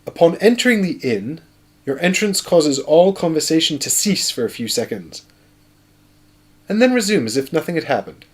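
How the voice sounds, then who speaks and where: A man voicing a posh English storybook narrator, reading aloud in a formal, measured way. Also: on the high side, sing-song, husky, voice pushed up. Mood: stately.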